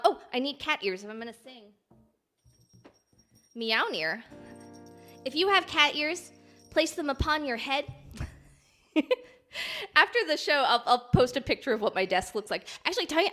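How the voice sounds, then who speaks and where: A woman's voice: a little high, sharp tone. A woman chatting casually at her home desk during a live stream, rambling with lots of ums and little laughs. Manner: rambling and giggly, many ums. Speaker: filk singer and streamer. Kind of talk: chatty live-stream banter between songs.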